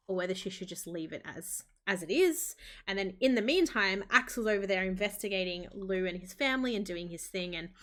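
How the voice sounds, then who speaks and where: A woman's voice: medium pitch, a bit bright. A woman hosting a gaming video, chattily narrating a life-sim story.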